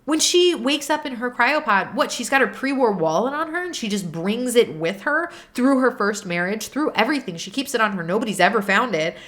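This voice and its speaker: Young woman host, unscripted exasperated rant, pitch jumping up when riled. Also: fairly quick, hardly any pauses. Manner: animated, exasperated ranting. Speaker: video essay host. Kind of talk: unscripted reaction commentary.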